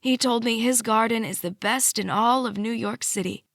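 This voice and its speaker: A woman's voice: fairly high pitch, normal speed, gravelly, no echo, studio quality. A woman voicing a frail, doting grandmother. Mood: affectionate. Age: older. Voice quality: frail, slightly breathless. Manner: tender, doting, gently teasing. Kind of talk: audiobook character voice.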